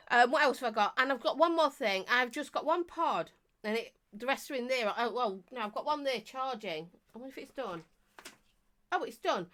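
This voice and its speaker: A woman's voice: a little high, a bit bright. A woman hosting a live stream, chatting casually and rambling as she greets viewers and laughs often.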